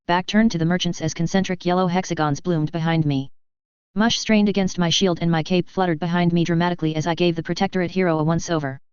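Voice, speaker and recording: A woman reading a first-person fan fiction story aloud in a steady narrating voice. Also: lowish voice, smooth, no room sound. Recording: dull lo-fi dry recording.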